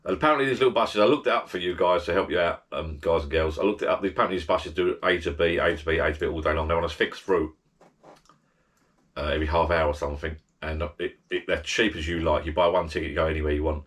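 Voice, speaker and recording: A man's voice: low-pitched, quick pace, a bit bright. A man giving rambling, chatty holiday advice as a travel vlogger, full of restarts and asides. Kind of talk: casual holiday advice chat.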